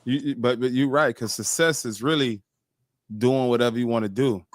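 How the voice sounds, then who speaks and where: A man's voice: mid-range voice, moderate pace, dry recording. A man hosting a casual podcast who muses on life and often restarts his sentences. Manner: stammering restarts, reflective.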